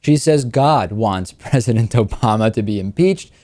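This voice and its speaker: A man hosting a political talk show, giving wry, quick commentary with frequent restarts. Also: lowish voice, expressive, dark tone, no room sound, clean studio sound. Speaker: host.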